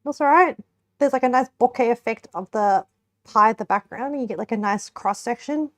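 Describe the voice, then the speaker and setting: Her voice on the high side and fairly bright, a young woman talks fairly quickly to her stream viewers as she cooks and tastes a pie. She's chatty and giggles occasionally between bites.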